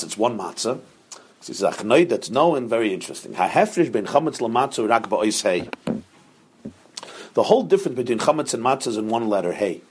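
A man a husky, slightly breathy voice gives a Torah lesson. He speaks, moving patiently through each point and stopping to ask his listeners "right?" His pitch sits in an ordinary middle range for a man. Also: sing-song, brisk. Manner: explains step by step, often checking with 'right?'. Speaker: Torah teacher. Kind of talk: Torah class lecture.

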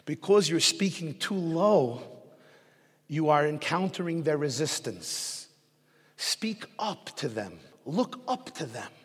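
A man, a rabbi, giving a sermon full of jokes and stories, rising to loud emphatic peaks. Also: on the high side, very animated, takes it slowly, slightly rough. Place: synagogue hall. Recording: echoey hall recording.

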